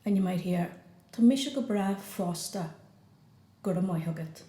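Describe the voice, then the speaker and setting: Irish woman teaching phrases slowly. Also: on the low side, animated, warm tone, reverberant. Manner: slow, repeats each phrase twice. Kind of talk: beginner language lesson.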